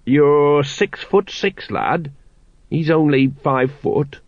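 A man voicing an elderly male dwarf father, worried and hesitant, who speaks in slow, halting phrases. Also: fairly high pitch, no room sound, voice pushed up. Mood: awkward, gentle. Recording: dry, dull lo-fi audiobook recording.

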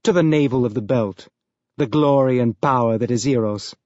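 A man's voice: medium pitch, moderate pace, a little mellow, dry recording, natural voice. A man voicing a jovial, tall male police inspector on a space station, speaking in blunt, sardonic cop banter. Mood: wry. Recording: dull lo-fi dry recording.

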